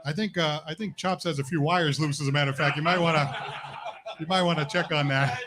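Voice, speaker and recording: A man's voice: on the high side, fairly even intonation, brisk, crowd noise. A man hosting a live comedy show, trading upbeat, jokey banter with a guest on stage. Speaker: show host.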